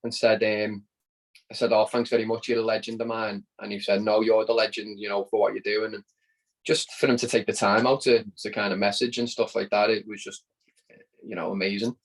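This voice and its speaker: A man's voice: lowish voice, level tone, brisk, poor audio. A man from Liverpool with a Scouse accent, a podcast guest telling a story in casual chat, often repeating words as he goes. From Liverpool, England.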